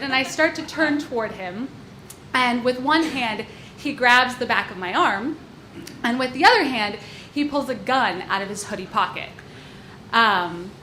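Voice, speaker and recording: High, lively woman telling a story on stage. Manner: wry, self-mocking, quick asides. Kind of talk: live personal storytelling. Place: stage before a live audience. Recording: echoey live venue with crowd noise.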